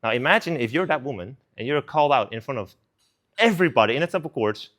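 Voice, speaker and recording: A young man preaching at a student service, telling the story in a casual, animated, conversational way. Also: mid-range voice, fast talker. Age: young adult.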